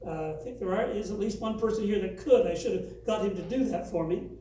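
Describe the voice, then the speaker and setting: A man's voice: high-pitched, a little fast, dark tone, distant mic. A man preaching a sermon as a pastor, earnest, reading scripture aloud with rising emphasis. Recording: very echoey, from away from the mic.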